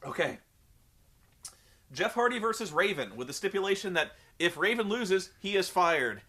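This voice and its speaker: A man's voice: high voice, animated, normal speed, bright, forceful tone. A young man recapping a wrestling show in a sarcastic, profane, rambling comedic commentary.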